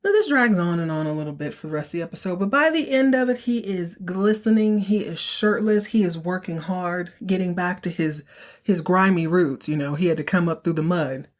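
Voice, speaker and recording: A young woman with a slightly low-pitched voice recaps a soap opera episode in a loose, chatty way. She is sassy and playful, and she jumps into exaggerated voices to act out lines. Her delivery sounds like a relaxed podcast host talking straight to her listeners. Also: brisk. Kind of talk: casual recap monologue.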